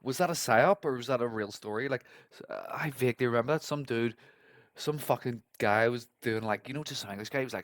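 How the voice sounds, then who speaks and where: A man's voice: lowish voice, fairly quick, no room sound. A man hosting a podcast, reacting to a clip in casual, blunt commentary full of swearing. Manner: swears a lot, blunt and ranting.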